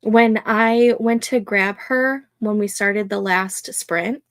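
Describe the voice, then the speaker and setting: A woman's voice: mid-range voice, steady tone, slow pace, no room sound. A young adult woman hosting a casual livestream from home at night, chatting with viewers and talking to her dog. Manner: talks to her dog between remarks to viewers. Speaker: livestream host. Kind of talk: casual chat to a livestream audience.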